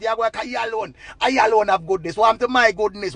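A man with a Jamaican accent in a loud, profane, repetitive rant giving relationship advice. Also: high voice, fairly even intonation, quick pace, few pauses, no echo. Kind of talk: ranting monologue.

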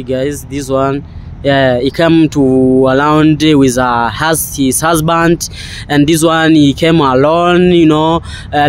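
A man, vlogging a walking tour outdoors in broken English, full of excited repeated exclamations. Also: a little high, slight background noise. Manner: non-native English, broken grammar. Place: outdoors in a park.

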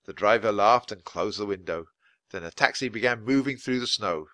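A man reading a children's chapter book aloud for English learners, in clear, expressive storytelling. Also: on the low side, normal speed, dry recording. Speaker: audiobook reader.

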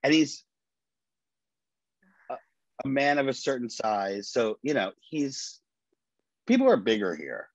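A man's voice: mid-range voice, slow, pauses often, dry recording. A man co-hosting a podcast, telling stories in casual chat, swearing freely and quoting the people he talks about. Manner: animated storyteller, swears freely, quotes people. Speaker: podcast co-host. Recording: dull dry lo-fi sound.

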